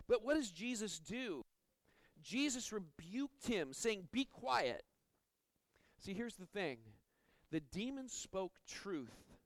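Male pastor, higher voice, earnest preaching with restarts, dry close mic. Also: a bit bright, dry recording, poor audio. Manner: earnest, stumbles and repeats words. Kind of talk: sermon.

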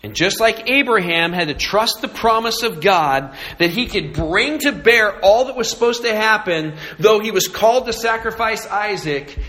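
A male pastor delivering a sermon with earnest conviction. His voice sits a little high for a man, and he builds intensity as he drives home his points. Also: lively intonation, normal speed, few pauses, bright, forceful tone. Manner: earnest, rising in intensity on key points, prays aloud.

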